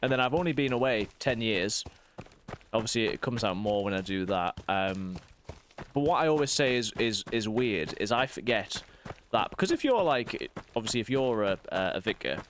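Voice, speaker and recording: A fairly low-pitched man in his thirties chats casually while streaming a game, and his northeast English accent slips in and out. He rambles, restarts sentences and breaks off for quick asides about the game. A faint hiss sits under his desk mic. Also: a bit bright. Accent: northeast English, softened. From northeast England. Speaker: streamer and vicar. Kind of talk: casual gaming stream chat.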